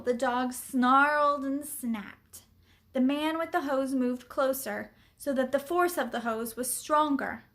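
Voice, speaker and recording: A woman reading a children's book aloud, expressive and deliberate. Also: sits high. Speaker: story reader.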